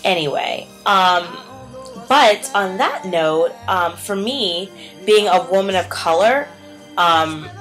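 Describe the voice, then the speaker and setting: A woman's voice: fairly low pitch, lively intonation, slow pace, fairly bright tone, faint music behind, low-quality recording. A young woman and teacher in a casual vlog chat, rambling with lots of "like" and "um" and acting out what people said. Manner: chatty, heavy on "like" and "um", acts out quotes. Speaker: vlogger.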